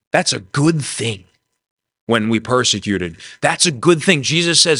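A man preaching a sermon in a conversational way, dropping soft and low when he voices quoted words. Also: lively intonation, measured pace, no room sound. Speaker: pastor.

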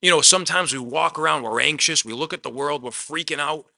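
A man preaching a conversational sermon, swinging between emphatic loud lines and quiet asides, often dropping "man" into his talk. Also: on the high side, a little fast, vocal fry. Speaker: pastor.

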